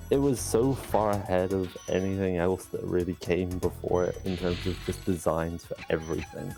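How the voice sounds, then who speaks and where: A man's voice: low-pitched, fairly even intonation, normal speed, vocal fry, music in the background. A man explaining his own speedrun live in a matter-of-fact, explanatory way.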